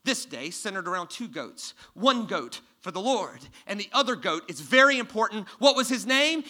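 A man preaching a sermon to a congregation from a church stage, quizzing the listeners and swinging from loud emphasis to hushed tones. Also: sits high, big pitch swings, normal speed, few pauses. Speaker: pastor.

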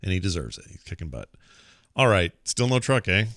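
Bright, lively podcast host, man. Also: low voice, no room sound, studio quality. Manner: upbeat, promotional, quick asides. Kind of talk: casual podcast chat with sponsor reads.

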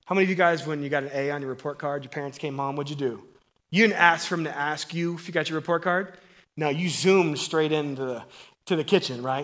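Energetic preacher, higher-pitched man. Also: fairly quick. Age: middle-aged. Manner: energetic and conversational, swinging from loud emphasis to quiet asides. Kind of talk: sermon.

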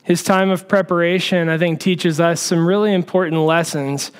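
Male pastor, high and clear, relaxed storytelling sermon delivery. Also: moderate pace. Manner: conversational storytelling preacher.

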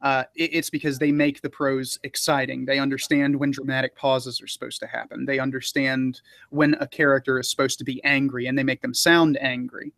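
A man's voice: medium pitch, brisk, vocal fry, no room sound. Male narrator, mid-range voice, easygoing and rambling, dry close-miked sound. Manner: relaxed, rambling, frequent fillers and laughs. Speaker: audiobook narrator. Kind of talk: casual interview talk.

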